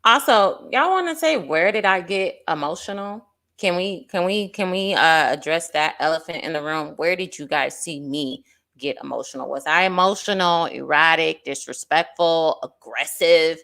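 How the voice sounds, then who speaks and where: A woman's voice: sits low, animated, normal speed, vocal fry, sharp tone. A woman hosting a casual panel chat, putting direct questions to her guests. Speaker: host.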